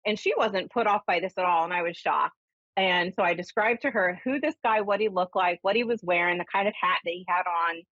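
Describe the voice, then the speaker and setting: A woman, hosting a radio show as a medium, telling her story casually and giving readings in an animated way. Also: lowish voice, fairly quick, no room sound. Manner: animated, acts out voices when retelling. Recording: slightly dull lo-fi radio sound.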